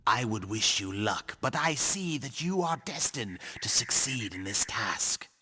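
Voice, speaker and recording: An actor playing a mysterious invisible guide in a video game, speaking in a hushed, solemn, breathy voice. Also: male voice, medium pitch, lively intonation, unhurried, a little hiss or hum.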